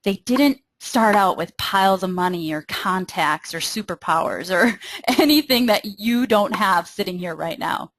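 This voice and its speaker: A woman's voice: mid-range voice, lively intonation, unhurried, hardly any pauses, a bit bright. A young adult woman with a Minnesotan accent, presenting a marketing webinar in an upbeat, persuasive way and speaking straight to her listeners.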